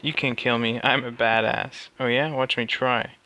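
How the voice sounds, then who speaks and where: A man's voice: medium pitch, steady tone, normal speed, sharp tone. A man streaming live, reading a text adventure aloud and answering it with cocky, joking banter.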